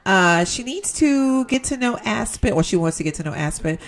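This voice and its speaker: A young woman chats through her gameplay, addressing her viewers directly and reacting out loud to each moment. Her pitch rises and falls a great deal, giving her talk a lively, animated swing. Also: moderate pace. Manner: chatty, talks to viewers as "y'all", exclaims at the game. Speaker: gaming YouTuber. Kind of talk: casual let's-play commentary.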